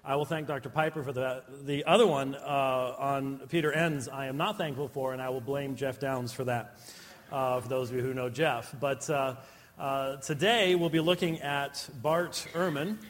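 A man's voice: medium pitch, steady tone, normal speed. A man giving a conference lecture to a live audience, with humorous, self-deprecating asides. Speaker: conference speaker. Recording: long hall reverb.

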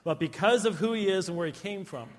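A fast-talking man with a high-pitched voice gives a conference lecture to a live audience, dropping in humorous, self-deprecating asides. The recording carries a long hall reverb.

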